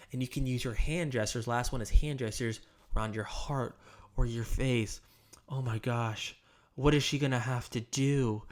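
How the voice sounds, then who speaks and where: A man hosting his channel, coaching salespeople in a direct, emphatic, motivational way. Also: on the high side. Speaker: sales trainer and channel host. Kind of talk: coaching monologue to camera.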